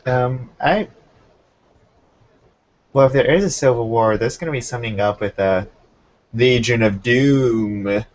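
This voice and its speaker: A young man hosting a casual chat, relaxed and talkative, keeping an eye on the time. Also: medium pitch, normal speed, long pauses. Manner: relaxed, chatty, keeps time. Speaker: podcast host. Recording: muffled lo-fi recording.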